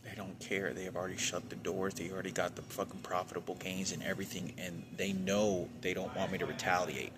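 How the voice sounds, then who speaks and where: A man's voice: low voice, little pitch movement, fairly quick, few pauses, noisy background. A man from Texas venting in a rambling, agitated monologue with heavy swearing, trailing off often.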